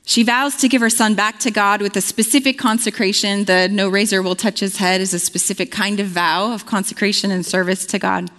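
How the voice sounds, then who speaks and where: A woman's voice: mid-range voice, steady tone, a little fast, hardly any pauses, a bit bright, big-room sound. A woman preaching a conversational sermon, earnest and storytelling, with frequent fillers.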